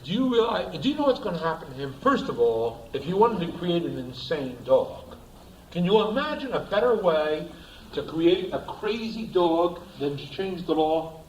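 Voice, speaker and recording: A man lectures through a story in an animated, emphatic way, and his pitch swings freely and sits somewhat high. He repeats key words to drive them home. His voice echoes around a roomy lecture space, with a faint hiss behind it. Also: normal speed, lo-fi sound. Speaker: speaker, lecturer.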